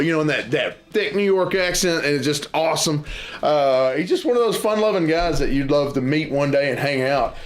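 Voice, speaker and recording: A man's voice: fairly high pitch, lively intonation, fairly quick. A man hosting a board game channel, chatting to camera in a rambling, enthusiastic way, often restarting his sentences. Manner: loud and boisterous at times. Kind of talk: casual chat to camera.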